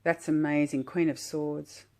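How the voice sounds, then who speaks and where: A woman calmly unboxing a tarot deck while sitting on her floor, gushing and admiring each card at an unhurried pace. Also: sits low. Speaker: tarot vlogger. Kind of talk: relaxed unboxing commentary.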